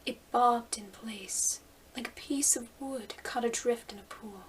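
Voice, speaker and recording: A woman reading a story aloud in a soft, hushed whisper, on a slightly distant mic. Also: a little high, unhurried, a little hiss or hum. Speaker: fanfiction reader.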